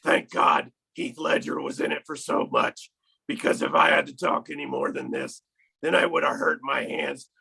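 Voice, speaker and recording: A man voicing a gruff, weary male caped vigilante in an improvised movie parody, with a gravelly, strained growl and a deadpan, grumbling manner. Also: medium pitch, normal speed, full character voice. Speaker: improv performer.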